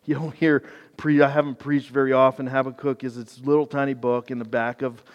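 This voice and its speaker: Impassioned preacher in a reverberant hall. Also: male voice, mid-range voice, little pitch movement, brisk, muffled recording. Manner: impassioned, builds to loud pleading then drops to near-whisper. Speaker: pastor. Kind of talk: sermon.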